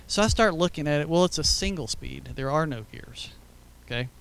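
A man's voice: a little high, expressive, brisk, creaky, a bit bright, clean tone. A man giving an informal church teaching, telling stories in a chatty way with many asides. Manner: storytelling, conversational with fillers and asides. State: briefly emotional, choked up.

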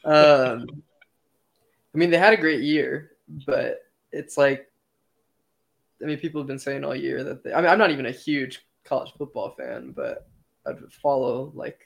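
Gravelly, hesitant male podcast guest. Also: medium pitch, expressive, moderate pace. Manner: hesitant, many fillers and restarts. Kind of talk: casual sports chat.

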